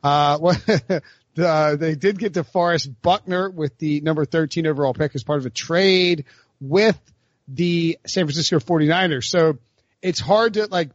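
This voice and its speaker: A man's voice: a little high, moderate pace, no echo, lo-fi sound. A man hosting a casual sports talk show, rambling with many fillers and restarts. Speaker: host.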